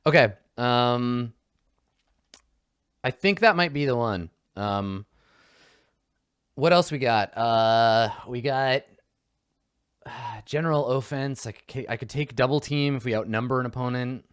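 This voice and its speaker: Excitable man building a game character. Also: mid-range voice, measured pace, pauses often, smooth, no echo, studio quality. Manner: excitable, laughs often, swears casually. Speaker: tabletop game player. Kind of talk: casual game character creation.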